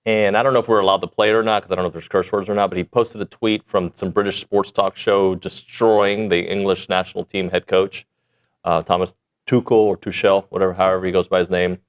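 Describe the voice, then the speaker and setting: A man's voice: low-pitched, little pitch movement, clean tone. A man hosting a sports talk show, chatting loosely and bantering with his co-hosts. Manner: loose, rambling, quick to banter. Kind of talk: casual sports radio chat.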